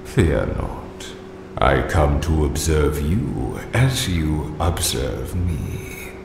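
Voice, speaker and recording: An actor voicing an ancient male flame spirit in a game, speaking in a slow, solemn, old-fashioned way as he judges others. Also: a bass voice, big pitch swings, vocal fry, music in the background, exaggerated voice. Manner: solemn, archaic, slow and grave. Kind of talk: game voice acting. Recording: echoey with loud background noise.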